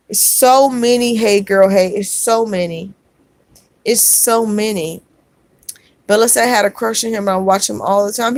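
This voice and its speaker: A woman hosting a live stream, reading viewer comments aloud and answering them in a gentle, consoling way, calling people sweetheart and baby. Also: mid-range voice, no room sound. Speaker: vlogger reading live chat.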